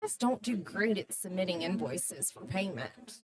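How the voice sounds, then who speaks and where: A woman's voice: medium pitch, animated, unhurried, darkish tone, no echo. Friendly Southern woman at a conference. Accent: Southern American. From American South. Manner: friendly, playful, talkative. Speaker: CFO, podcast guest. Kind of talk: casual conference interview. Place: busy conference floor.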